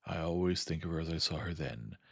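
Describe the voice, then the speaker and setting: Deep, husky man reading a story. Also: a little fast, a bit bright, dry recording, clean studio sound. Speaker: audiobook narrator.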